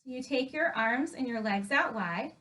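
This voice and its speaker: A woman's voice: high-pitched, lively intonation, normal speed, pushed and bright, far from the mic. Upbeat woman leading kids' yoga. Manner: clear step-by-step cueing, encouraging. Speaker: kids yoga instructor. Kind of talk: guided yoga lesson for children.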